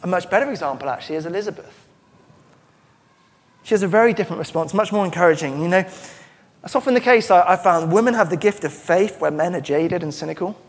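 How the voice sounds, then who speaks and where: This high-voiced man preaches quickly as a pastor, his sermon earnest and emphatic, with phrases he keeps restarting. A long church-hall echo hangs on every word.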